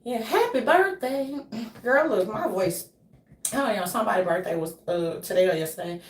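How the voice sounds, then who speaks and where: A woman's voice: mid-range voice, expressive, normal speed. A woman vlogger talking in a loose, jokey, rambling monologue and swearing freely. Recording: echoey room, voice from a distance.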